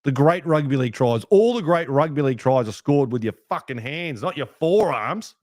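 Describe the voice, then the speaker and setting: A young Australian man hosting a fan podcast, ranting heatedly with plenty of swearing, a little rough from a hangover. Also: mid-range voice, normal speed, no room sound, clean studio sound. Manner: heated, sweary rant with lively swings. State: hungover, rough voice. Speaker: podcast host. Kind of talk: fan podcast match review.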